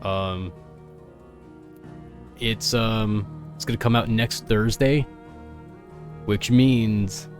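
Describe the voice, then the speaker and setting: A man giving casual commentary while playing a video game, rambling with lots of fillers and sounding out of breath. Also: mid-range voice. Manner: rambling, excitable, many fillers. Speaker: gaming video creator.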